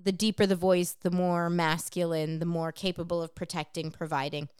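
A woman talking casually on a podcast, blunt and freely swearing as she lays out her point at length. Her voice is smooth and resonant, and the sound is close and dry with no room echo. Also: lowish voice, flat delivery, normal speed, a little mellow. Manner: frank and profane, explaining at length. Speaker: podcast co-host. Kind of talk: casual chat.

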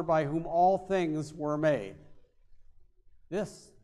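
A male pastor preaching a sermon, with emphatic stresses that drop to quiet, low endings. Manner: emphatic, swings between loud stresses and quiet drops.

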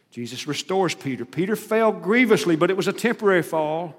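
A man's voice: a little high, brisk. A man preaching a sermon, retelling scripture with dramatic, rising emphasis. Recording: long hall reverb.

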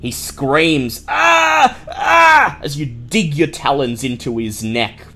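Serving as game master, a man narrates a tabletop game in a measured, descriptive manner. His voice sits in the mid range.

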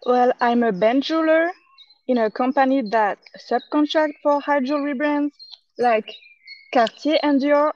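A woman's voice: sits high, normal speed, darkish tone, dry recording, highs cut off. A woman from France with a French accent, a jeweler answering interview questions hesitantly in English, searching for words, recorded outdoors in a park. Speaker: guest, jeweler. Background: birdsong.

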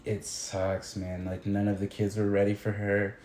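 A man's voice: fairly low pitch, monotone, moderate pace, a little mellow. A man teacher talking casually and reflectively, often hesitating and restarting sentences. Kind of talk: casual conversation. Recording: echoey room with faint noise.

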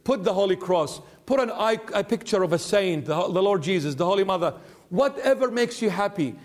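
A man preaching a sermon in church as a bishop, earnest and pleading, slowing down to stress his words. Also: high voice, expressive. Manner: earnest, pleading, slows down for emphasis.

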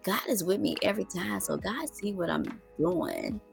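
Woman, middle-aged, casual storytelling vlog, gravelly voice, animated, faint background music. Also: medium pitch, moderate pace. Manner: animated, with loud exclamations and laughs; colloquial, addresses viewers as y'all. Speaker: vlogger.

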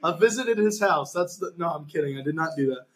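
A man's voice: on the high side, animated, fairly quick. A young man co-hosting a podcast, joking playfully in casual chat. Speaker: podcast co-host.

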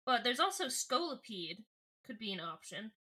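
A woman's voice: a little high, very animated, normal speed, pushed and bright. A woman co-hosting a podcast, recapping a book in casual chat, giggly and swearing casually. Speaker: podcast co-host.

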